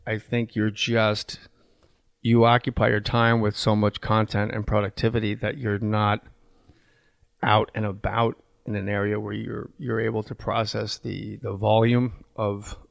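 A man's voice: lowish voice, flat delivery, unhurried, gravelly. A comedian from New Jersey, a man, chatting on a podcast in a rambling, crude and frank way. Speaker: comedian guest. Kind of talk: casual podcast chat.

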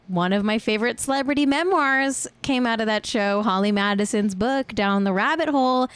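A woman's voice: medium pitch, smooth, dry recording. A woman in her thirties from California hosting a casual celebrity-news chat on a live stream, rambling and laughing at herself. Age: 30s. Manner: rambling, self-mocking and giggly. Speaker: podcast host.

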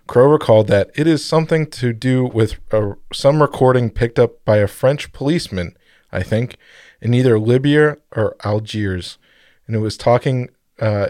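A male co-host with a mid-pitched voice who tells a story in a rambling, jokey way. He stops to correct himself and apologize, and the sound is dry and close-miked. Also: darkish tone, dry recording. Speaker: podcast co-host. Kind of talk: casual podcast chat.

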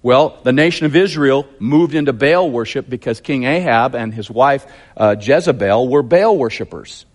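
A man's voice: mid-range voice, expressive, normal speed. A man preaching a sermon, telling the story vividly and emphatically with lots of repetition.

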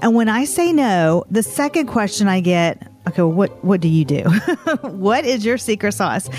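A woman in her forties talks in a relaxed, chatty way on a podcast, her voice sitting at an ordinary pitch. Faint music plays underneath her. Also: moderate pace. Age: 40s. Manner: relaxed, chatty, spells out web addresses in the ad read. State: pregnant. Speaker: esthetician and podcast co-host. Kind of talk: casual podcast chat with ad read.

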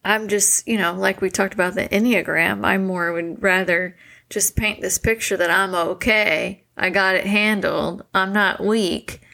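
Laughing woman in her forties, gravelly. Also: medium pitch, fairly even intonation, a little slow, sharp tone. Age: 40s. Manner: candid, laughs often, acts out quotes. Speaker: podcast co-host. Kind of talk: casual couple chat.

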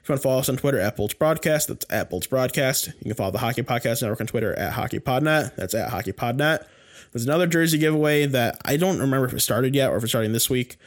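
A man's voice: mid-range voice, quick pace. A man co-hosting a sports podcast in casual chat, rambling and heated, with many restarts and fillers. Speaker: podcast co-host.

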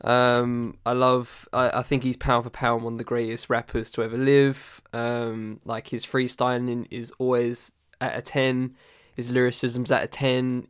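A man's voice: medium pitch, smooth, no room sound, clean studio sound. A young man with an English accent hosting a casual music podcast, chatty and slangy, laughing often. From England. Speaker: podcast host.

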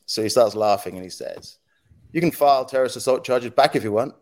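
On a podcast, this man, once the head of a news agency, spins lively stories in a relaxed interview, laughing frequently and performing the voices and sound effects himself. His voice is mid-range and his pace a little fast.

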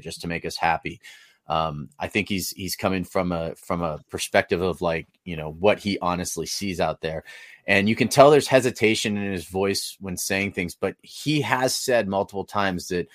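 A man's voice: low voice, dry recording, studio quality. A man on a podcast, talking in casual chat, blunt and opinionated, running on at length.

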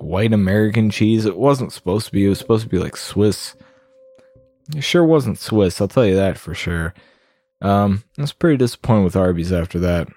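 Profane rambling gamer, lively voice. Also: male voice, on the low side. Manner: rambling, profane, disgusted asides. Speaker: let's play gamer. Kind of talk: casual game commentary.

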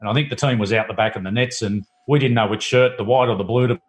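A man's voice: medium pitch, fairly even intonation, quick pace. A man, a former cricketer turned TV producer, reminiscing in a rambling way with frequent restarts. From Australia. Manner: rambling, many restarts and fillers. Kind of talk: casual storytelling.

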